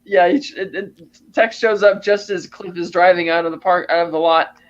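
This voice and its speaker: A man's voice: sits high, steady tone, moderate pace, highs cut off. A man co-hosting a podcast, animatedly retelling a movie scene and acting out the characters' lines. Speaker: podcast co-host. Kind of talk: casual film recap.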